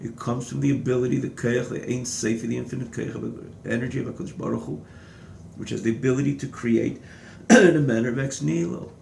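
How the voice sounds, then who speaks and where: A man's voice: mid-range voice, fairly even intonation, brisk, gravelly, a little mellow, slight background noise. A man giving a text-study lecture as a Torah teacher, reading a phrase and then translating and restating it in several words. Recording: echoey room.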